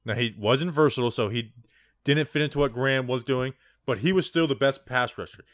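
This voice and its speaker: A man's voice: medium pitch, a little fast, a bit bright, dry recording, studio quality. Rambling man on a casual sports podcast. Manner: rambling, digressive, heavy on "like". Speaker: podcast co-host.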